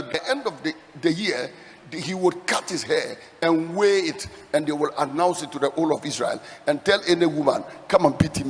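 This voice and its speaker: A male pastor preaching a sermon, reading scripture aloud with dramatic, slowed emphasis. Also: high voice, a bit bright. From Ghana. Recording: long hall reverb.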